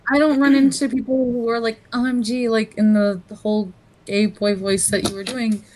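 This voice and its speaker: A woman's voice: mid-range voice, steady tone, moderate pace, a little mellow, poor audio. A woman co-hosting a casual podcast, asking easygoing questions and answering plainly. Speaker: podcast co-host. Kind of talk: casual chat.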